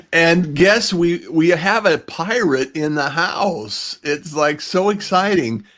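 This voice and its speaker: A man's voice: fairly high pitch, expressive, slow, fairly bright tone, rough recording. A man hosting an interview show in casual chat, upbeat and encouraging with his guest. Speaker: host.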